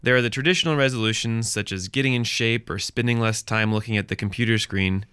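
A man with a fairly low voice hosts a community radio show from a studio microphone. His tone is smooth and clear, and he speaks in a measured, relaxed announcer manner. The sound is dry and close. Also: dry recording. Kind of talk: community radio hosting and interviewing.

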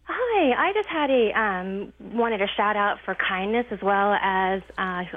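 A woman's voice: mid-range voice, animated, unhurried. A woman calling in to a radio show, earnest and a bit hesitant, heard over a phone line. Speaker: caller. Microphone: telephone.

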